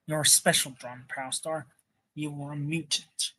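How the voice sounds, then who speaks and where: A man reading the part of a calm, wise older professor in his own plain voice. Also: a little high, measured pace.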